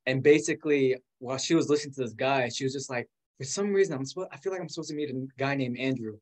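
Telling a casual story as a guest, a chatty man in his twenties speaks fast with a mid-range pitch and lots of energy. He leans heavily on "like" and does voices for the people he quotes.

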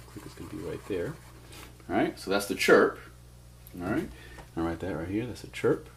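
A deep-voiced man teaches turntable scratching in a loose, casual way, walking through each step and dropping in "all right" as he goes. Faint clicking sounds sit behind his voice. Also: moderate pace, long pauses, slight background noise. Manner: relaxed, explains step by step with many "all right"s. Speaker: DJ scratch instructor. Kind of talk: casual instructional demo.

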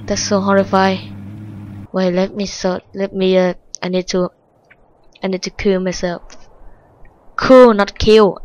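A woman with a Vietnamese accent narrating her own gameplay at an unhurried, drawn-out pace. Her English phrasing is simple and non-native, and her voice sits at a middle pitch when she mutters to herself. When she is scared she jumps to high, excited shrieks. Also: poor audio. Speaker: gaming channel host. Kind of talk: let's-play game commentary.

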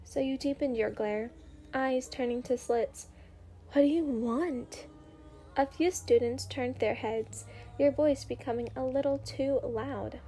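A woman narrating a story in a gentle, unhurried ASMR reading. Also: sits high, fairly even intonation. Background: faint music.

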